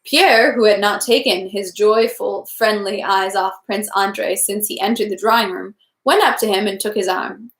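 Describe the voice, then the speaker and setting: A woman's voice: medium pitch, steady tone, normal speed, few pauses, a bit bright. A woman reading a classic novel aloud, carefully, stumbling now and then over French words. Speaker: reader. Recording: echoey room.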